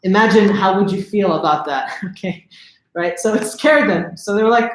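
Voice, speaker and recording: A high-pitched man speaking at a normal speed tells a religious story as part of an informal livestream lesson. He talks conversationally, frequently asking the audience questions, while the recording carries a roomy echo.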